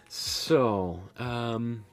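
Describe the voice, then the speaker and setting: Chatty man teaching a live painting class. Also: mid-range voice. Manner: chatty, rambling, self-deprecating, laughs often. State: hiccups. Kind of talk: casual live-stream teaching. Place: art studio.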